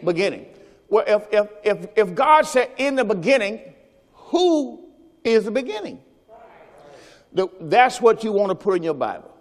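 Man preaching a sermon, call-and-response, high animated voice, long hall reverb. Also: moderate pace, long pauses. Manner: call-and-response preaching, has the congregation repeat phrases. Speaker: pastor. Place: church service.

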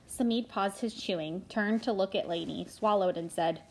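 A woman narrates a children's fantasy novel aloud, reading expressively. Her voice sits at an ordinary middle pitch for a woman. She occasionally slips on a word and starts it over. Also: moderate pace, few pauses, rough recording. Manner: expressive, with small slips and restarts. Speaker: audiobook narrator.

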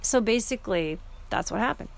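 A woman's voice: mid-range voice, lively intonation, fairly quick, vocal fry. A middle-aged woman telling a personal story in a casual, earnest and emotional way, often restarting her sentences.

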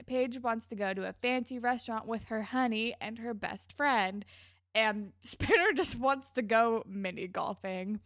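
A woman's voice: on the high side, unhurried, a bit bright, dry recording, studio quality. A woman co-hosting a casual TV recap podcast, chatty and giggly, acting out characters' lines as she retells scenes. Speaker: podcast co-host.

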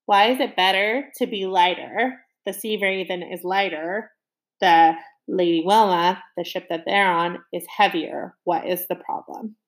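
A woman's voice: fairly low pitch, a little slow. A woman reading a novel aloud to young listeners, stopping now and then to ask them questions. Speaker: reader.

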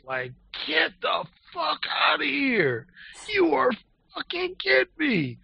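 Man gravelly, slightly high-pitched dating guest, blunt and boastful, lo-fi sound. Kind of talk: casual storytelling. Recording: dull lo-fi audio.

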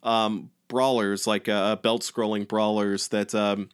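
A man's voice: on the low side, level tone, takes it slowly, smooth. An American man co-hosting a casual chat, talking in a rambling, hesitant way with many restarts. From United States. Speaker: podcast co-host.

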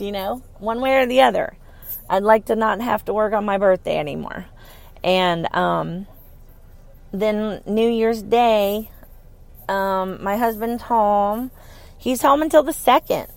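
Chatty woman podcaster with a gravelly edge. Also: medium pitch, a little slow, no room sound. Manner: rambling, chatty, laughs easily. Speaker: podcast host. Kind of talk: casual solo podcast chat.

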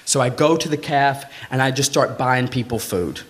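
A man telling a true personal story live on stage, in casual, swearing talk, acting out the voices of the people in it. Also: moderate pace. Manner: animated, acts out quoted voices with big pitch jumps; swearing, conversational, frequent "like".

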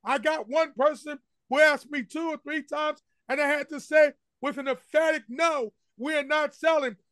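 High-voiced preaching pastor, dry sound. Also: male voice, fairly even intonation, normal speed, a bit bright, no echo. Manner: emphatic call-and-response preaching with repeated refrains. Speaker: senior pastor. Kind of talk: sermon. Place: church sanctuary.

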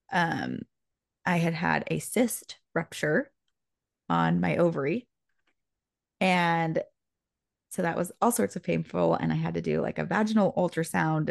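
Sharing a personal story as a podcast co-host, this young woman is lively and talkative, peppering her speech with fillers like "like." Her creaky voice sits on the lower side, captured in a dry, clean studio recording.

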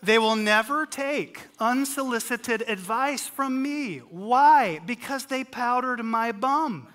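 Slow, bright-voiced preacher. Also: medium pitch. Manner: dramatic, acts out scripture scenes, swings loud and soft; humorous asides. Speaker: pastor. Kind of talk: sermon.

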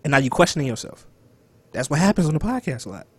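A young man, joking loudly and then dropping low as a podcast co-host. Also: fast talker, slightly rough, no room sound. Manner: animated, joking, swings loud and soft. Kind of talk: casual podcast chat.

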